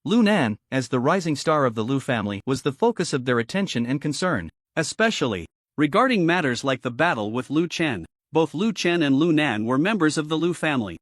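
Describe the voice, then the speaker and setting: A man narrating a fantasy novel story in a scripted, animated storytelling manner. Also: on the high side, a little fast, no room sound, studio quality.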